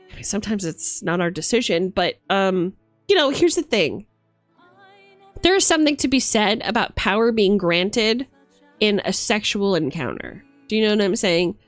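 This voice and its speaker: A woman's voice: mid-range voice, lively intonation, normal speed, dry recording, soft background music. A woman live-streaming in a bard persona, chatting playfully and teasing her viewers. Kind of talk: casual live-stream chat.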